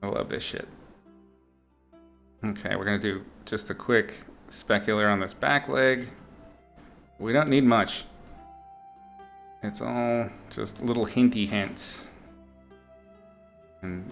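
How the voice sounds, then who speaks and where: A man's voice: lowish voice, slow, creaky, pauses often, a bit bright, soft background music. A man chatting casually with his live-stream audience while he paints, playful and giggly, greeting viewers by name and making up silly words.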